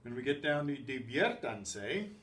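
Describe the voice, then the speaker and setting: A man teaching a Spanish grammar lesson, explaining step by step and clearing his throat often. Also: mid-range voice, very animated, unhurried, fairly bright tone, far from the mic. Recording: echoey room with faint background hum.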